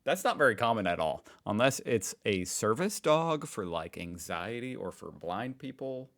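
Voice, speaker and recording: Hosting a reaction video, a middle-aged man from the United States thinks aloud with amusement, casually and with lots of fillers. He talks at normal speed in a fairly low, sing-song voice that's a bit bright.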